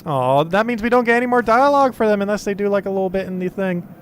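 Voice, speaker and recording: A man's voice: high voice, quick pace, clean tone. A man in his twenties with a New Jersey accent, casually commenting on a game he is playing live. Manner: casual, self-chatting. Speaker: game streamer.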